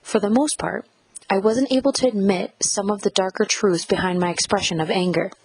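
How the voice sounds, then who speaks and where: A woman narrating a first-person audiobook in a measured, reflective reading style. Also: medium pitch, breathy edge, rough recording.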